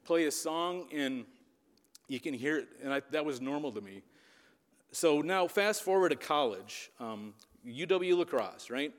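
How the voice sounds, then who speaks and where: A little slow but animated, this man's voice sits on the high side. In his fifties and from the American Upper Midwest, he's a preacher and youth leader telling a story in a sermon, often checking in with his audience, with long large-hall reverb on the recording.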